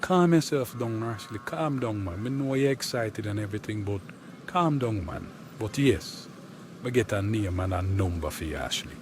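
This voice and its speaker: A man voicing a kindly, calm young Jamaican man who soothes his neighbour in an animated cartoon. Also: fairly low pitch, moderate pace, noisy background, close to an everyday voice.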